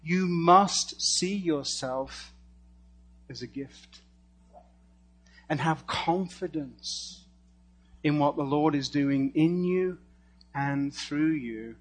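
Male preacher, higher than usual voice, casual humorous storyteller who swings from quiet to loud. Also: drawn-out words, pauses often, breathy edge. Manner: animated storyteller with sudden shifts between hushed and loud; casual and humorous, laughs at his own lines. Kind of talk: storytelling sermon and spoken prayer.

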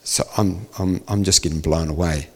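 Male preacher, low and husky, storytelling sermon with acted dialogue, long reverb. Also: steady tone, moderate pace, a little mellow. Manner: storytelling, acts out dialogue, rising to emphatic peaks.

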